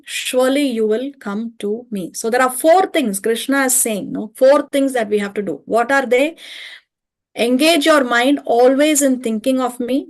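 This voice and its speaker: Casting: woman, slightly high voice, calm methodical class teacher. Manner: patient, explains step by step with rhetorical checks. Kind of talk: online study-class lecture. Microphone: video call or home mic.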